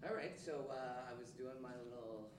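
A man guesting on a casual podcast chat, telling a story in a relaxed, hesitant way. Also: mid-range voice, fairly quick, a crowd in the background. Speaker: guest magician.

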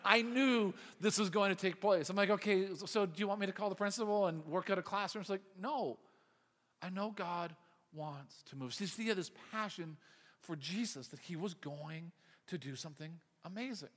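A man's voice: high-pitched, fairly quick. A man who is a youth pastor, telling a story in a sermon and acting out the voices of the people in it. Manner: animated, acts out quoted voices. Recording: long hall reverb.

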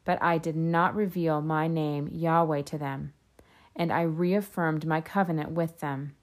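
A woman reading scripture aloud in a steady, measured way. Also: low-pitched. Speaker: scripture reader.

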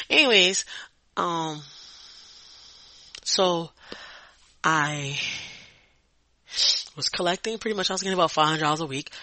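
Profane, bright-voiced man venting. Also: on the high side, no echo, poor audio. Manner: profane, blunt, repeats words while venting. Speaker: podcast host. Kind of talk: casual storytelling monologue.

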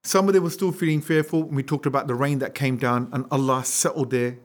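A man teaching an Islamic history lesson as an animated storyteller, acting out quotes and throwing rhetorical questions at his listeners. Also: mid-range voice, fairly quick. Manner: asks the audience rhetorical questions. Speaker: religious teacher.

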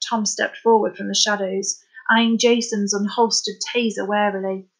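A woman narrating a novel as an audiobook in a steady, dramatic storytelling manner. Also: medium pitch, normal speed, poor audio.

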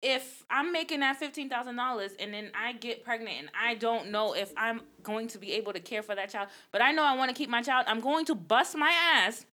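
A woman's voice: a little high, a little fast, hardly any pauses, pushed and bright. A woman from the United States in a casual group debate, making an earnest, personal argument.

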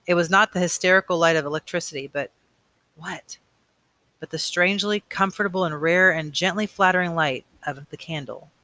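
A man reading a novel aloud, unhurried, with casual asides and small slips. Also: a little high, sharp tone, dry recording. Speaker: reader.

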